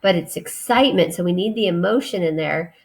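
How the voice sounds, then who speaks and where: A woman teacher giving a recorded grammar lesson to children, patient and deliberate as she spells out each step. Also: lowish voice, vocal fry.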